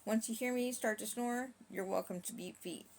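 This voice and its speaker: A woman's voice: fairly high pitch, normal speed, gravelly, voice pushed up. A woman voicing an earnest little boy, scared of nightmares, in a rhyming story. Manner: pleading, earnest.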